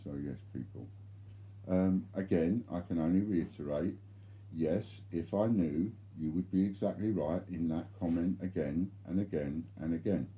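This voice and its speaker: A man's voice: sits low, moderate pace, muffled recording. A man replying bluntly to viewer chat during a live stream, swearing freely.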